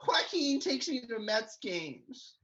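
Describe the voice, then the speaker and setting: A woman's voice: on the high side, big pitch swings, takes it slowly, fairly bright tone, lo-fi sound, full character voice. A woman playing a naive kid who overshares in an innocent, matter-of-fact way.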